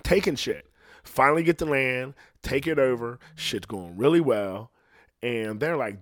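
Profane rambling stand-up comedian. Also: male voice, medium pitch, animated, unhurried, no echo, clean studio sound.

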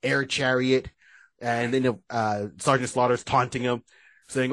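A man's voice: mid-range voice, expressive, measured pace. A man co-hosting a podcast in casual chat, retelling cartoon plots and quoting the characters. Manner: storytelling, recounts cartoon plots and quotes characters. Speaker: podcast co-host.

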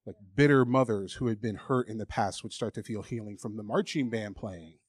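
A man's voice: fairly low pitch, brisk, husky, no room sound. A man preaching a sermon, emphatic and candid, reading scripture aloud and acting out the doubting voices people hear. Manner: emphatic, candid, acts out mocking inner voices.

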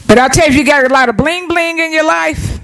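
A woman's voice: high-pitched, fast, a bit bright, low-quality recording. Folksy woman preaching a sermon. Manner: folksy, down-to-earth preaching with call-and-response. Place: church.

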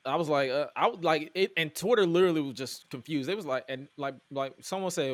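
A man hosting a podcast, recapping wrestling in casual chat, animated and incredulous as he quotes promos aloud. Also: fairly high pitch, fast, hardly any pauses, no room sound. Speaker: podcast host.

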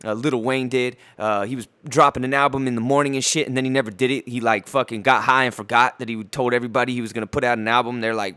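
A man's voice: medium pitch, steady tone, fast talker, few pauses, sharp tone, clean tone. A man hosting a podcast, ranting crudely with constant stammers and filler words in a mocking gossip style. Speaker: podcast host. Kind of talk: profane gossip rant.

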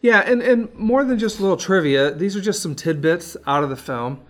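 A man co-hosting a casual film review chat, relaxed and rambling with lots of fillers. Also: sits high, moderate pace. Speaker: podcast co-host.

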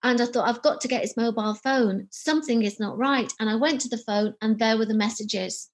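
A woman's voice: on the high side, fairly quick. A middle-aged woman, an author and psychotherapist, telling a personal story in an interview and acting out remembered dialogue. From United Kingdom. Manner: animated, acts out remembered dialogue.

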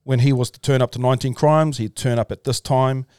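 A man's voice: medium pitch, fairly even intonation, fairly quick, darkish tone, smooth, no room sound, studio quality. A man, a podcast guest, telling a long story in loose casual chat, swearing freely and calling people "bro". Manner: loose, swearing, says "bro", talks in restarts.

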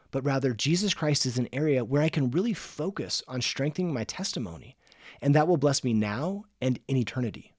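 Earnest middle-aged guy doing a faith podcast, dry close mic, slows way down on the important words. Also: medium pitch, darkish tone, no echo. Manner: earnest, measured, slows down to stress key words. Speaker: podcast host and religion teacher. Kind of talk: scripted devotional podcast talk.

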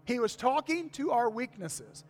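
High-voiced older male preacher, reverberant hall. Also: unhurried, soft background music. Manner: folksy, repeats key phrases, asks the congregation for amens. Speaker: pastor. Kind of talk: sermon. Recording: long reverb of a church hall.

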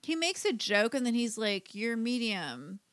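A woman's voice: a little high, animated, normal speed, a bit bright, no echo, clean studio sound. A woman co-hosting a podcast, chatting casually about a sitcom episode and acting out lines from it, with lots of "like.". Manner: chatty, retells scenes acting out lines with filler "like". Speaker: podcast co-host.

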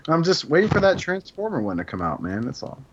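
A man's voice: on the high side, sing-song, moderate pace, dull audio, background noise. A man hosting a casual podcast, joking and teasing his co-hosts. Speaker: podcast host. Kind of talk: casual chat.

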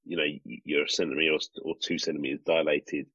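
A man with a very deep, husky voice tells a story in casual podcast chat. He rambles and restarts often, and his delivery stays animated. The recording is dry and a little dull, like a lo-fi mic. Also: quick pace, no echo. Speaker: podcast co-host, father.

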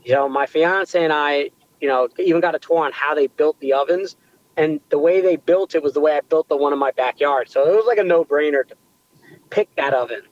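A young adult man, a pizzeria owner, telling his story in a casual interview, animated and rambling with restarts. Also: fairly high pitch, a little fast, dry recording, lo-fi sound. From United States.

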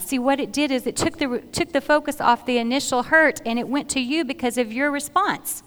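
A middle-aged woman speaks to a church gathering in an earnest, conversational way, often restarting phrases as she works toward her point. Her voice sits slightly high. The sound carries the long reverb of a large hall. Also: brisk, clean tone. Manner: earnest, conversational, repeats phrases while finding words. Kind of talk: sermon-style Bible teaching.

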